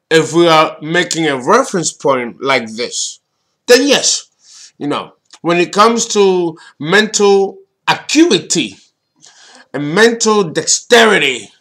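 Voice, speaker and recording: A man with a high, bright voice talks through astrology at an unhurried pace. He leans on words for emphasis and drops blunt, casual swearing into his points. He sounds like a solo presenter speaking straight to his audience.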